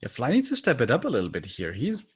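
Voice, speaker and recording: A man's voice: medium pitch, wildly swooping pitch, quick pace, slightly rough. A man casting a live strategy game match, breaking down the play in detail and critiquing the decisions. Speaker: esports caster.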